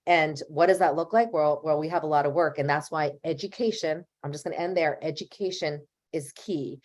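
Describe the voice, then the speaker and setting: A woman's voice: deep voice, a little fast, darkish tone. A woman family therapist speaking on a webinar panel, giving earnest advice to parents and sometimes acting out what a parent or child might say. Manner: earnest, advisory, acts out parent and child lines.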